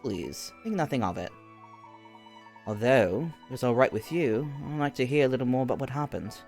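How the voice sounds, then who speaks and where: A man voicing a calm, courteous gentleman professor while reading game lines. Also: medium pitch, moderate pace, vocal fry, faint music behind.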